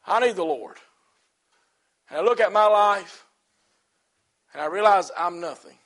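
A man preaching a sermon to his church, swinging from loud, rhythmic exhortation to hushed, quiet passages, in plain colloquial speech. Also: sits high, measured pace. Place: church service.

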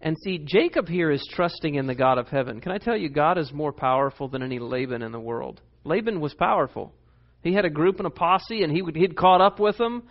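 A man delivers a sermon in a high, bright voice. He is animated and emphatic, pausing to read verses and explain them. The recording is muffled and lo-fi. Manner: animated, emphatic, reads scripture aloud. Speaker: pastor.

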